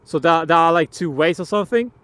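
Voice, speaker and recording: Guy on a motorbike ranting casually, fairly high voice, swears a lot, laughs a bunch. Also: fast talker, fairly bright tone, no room sound. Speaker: motovlogger. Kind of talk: casual opinion vlog. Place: outdoors on a motorbike.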